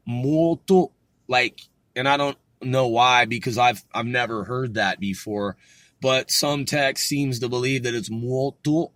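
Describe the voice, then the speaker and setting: Rambling, swearing man thinking out loud. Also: mid-range voice, no room sound. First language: English. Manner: rambling, self-doubting, swears casually. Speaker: podcast host learning Korean. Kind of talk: casual solo study podcast.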